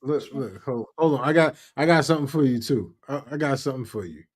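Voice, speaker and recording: A man's voice: medium pitch, animated, fast. A man in casual podcast banter, laid-back and easygoing.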